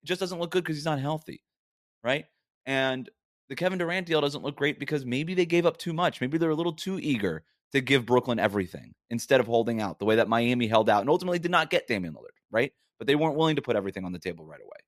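A man's voice: medium pitch, fast, no echo, clean studio sound. A man hosting a sports podcast, arguing his points emphatically in a casual monologue with frequent rhetorical questions.

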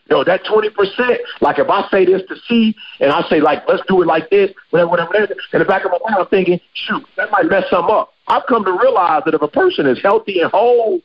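A man's voice: sits high, gravelly, muffled recording. A man hosting a podcast, talking casually and emphatically with slang. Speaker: podcast host.

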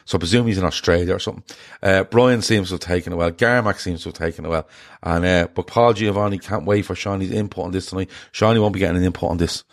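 A man with a fairly low voice holds forth as a podcast co-host, spinning a chatty story. He swears freely and keeps checking in with his partner in an animated, casual way. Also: fast. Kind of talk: casual chat.

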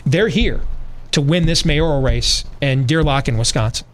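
A male radio host speaks in a slightly higher voice and gives emphatic opinion commentary. He talks straight to his audience and stresses his points hard. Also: normal speed. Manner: emphatic, addresses listeners directly. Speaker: radio talk show host.

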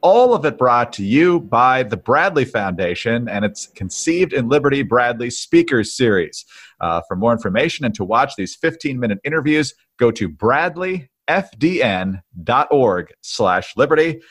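Man, podcast co-host, husky tone, lively pitch, wry casual chat. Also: normal speed.

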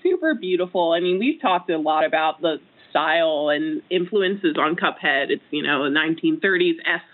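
Woman in her twenties, games reporter, casual chat, tinny phone line, animated. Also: moderate pace, hardly any pauses. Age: 20s. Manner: animated storyteller, quoting herself in higher voice.

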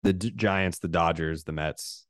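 A man's voice: low voice, measured pace, no echo, clean studio sound. A man who is a guest on a casual podcast, talking bluntly and with strong opinions, swearing along the way. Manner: blunt, opinionated, swears, brash online jokester.

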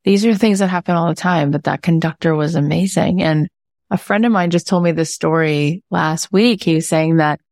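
A woman hosting an interview show, chatting casually and reacting with excitement. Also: sits low, moderate pace, dry recording, studio quality. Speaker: host. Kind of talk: casual chat.

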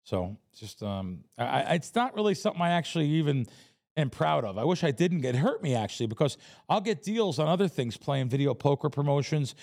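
A man's voice: fairly high pitch, a little fast, vocal fry. A man from the Bronx, a professional sports bettor telling stories bluntly in a casual interview. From New York, the Bronx. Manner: blunt, animated storytelling.

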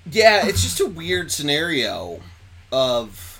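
A man hosts a casual sports podcast, his voice bright and forward. He rambles excitably, stops to correct himself and jumps from point to point. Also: fairly high pitch, slow pace. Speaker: podcast host.

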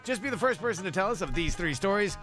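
A man's voice: high-pitched, lively intonation, quick pace, a bit bright, soft background music. Teasing male radio co-host. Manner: joking, teasing, exaggerated reactions. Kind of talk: morning radio banter.

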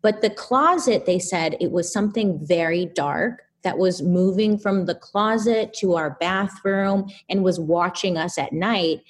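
A podcast guest in casual conversation, speaking in a somewhat low register. She tells her story in an animated, chatty way, leaning on fillers as she goes. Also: measured pace, hardly any pauses.

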